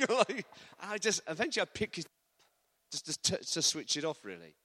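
A man's voice: high voice, wildly swooping pitch, moderate pace, bright, forceful tone. A man preaching an informal sermon in a church, telling personal stories in a chatty, joking way. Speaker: visiting preacher. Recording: long hall reverb.

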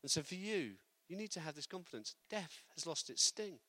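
A man preaching a sermon, lively and building to loud, emphatic delivery. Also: on the high side, brisk, no room sound.

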